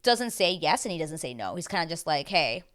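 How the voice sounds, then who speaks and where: A young woman with a low voice talks through a reality show recap in a loose, rambling way. Her speech is full of "like" and "um", and she stops to hunt for words. It sounds like casual commentary from a video host. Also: big pitch swings, fast talker. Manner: chatty, rambling, many fillers like "like" and "um".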